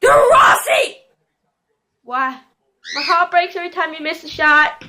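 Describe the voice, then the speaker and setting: A young woman giving casual commentary over a football video game, shouting and squealing at plays and chatting to her pet bird. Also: high-pitched, normal speed. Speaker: gaming video host.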